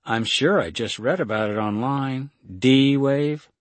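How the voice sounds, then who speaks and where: A man's voice: mid-range voice, slow pace, no echo, voice pushed up, close to an everyday voice. A man voicing a blunt, urgent woman. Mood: challenging. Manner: forceful, urgent. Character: bold, blunt woman, quick to challenge.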